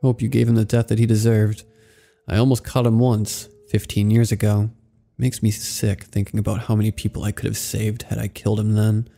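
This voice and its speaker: A man voicing a gruff, balding older park ranger with a thick country accent and a blunt drawl. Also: fairly low pitch, level tone, fairly quick, warm tone, soft background music. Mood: grim. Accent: American country.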